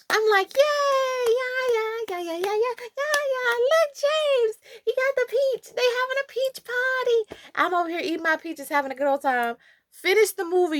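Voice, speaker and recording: A young woman, casually telling a childhood story in a playful, animated way, talking straight to her viewers. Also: high-pitched, no echo, studio quality.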